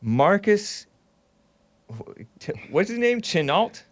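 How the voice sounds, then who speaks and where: A man's voice: medium pitch, expressive, normal speed. Sarcastic male talk show host. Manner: sarcastic, laughs often, steers the talk.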